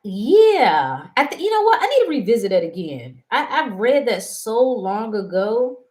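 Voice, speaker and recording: A woman hosting a casual talk show, animated and prone to laughing and wandering into stories. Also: on the high side, measured pace. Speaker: host. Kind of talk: casual chat.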